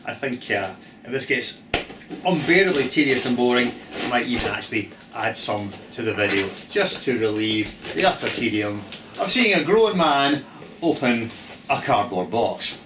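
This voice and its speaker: A man's voice: mid-range voice, animated, normal speed, roomy sound, noisy background. A man hosting his own gear unboxing vlog, talking in a theatrical, exuberant, self-mocking way. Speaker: channel host.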